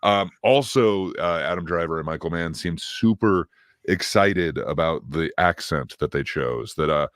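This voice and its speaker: A man with a very low voice talks through a film review in a casual, meandering way, stopping and restarting often and leaning on fillers. The sound is dry and close, with no room around it. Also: a little slow, a bit bright, dry recording. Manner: rambling, hesitant, many fillers and restarts. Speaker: podcast co-host reviewing films.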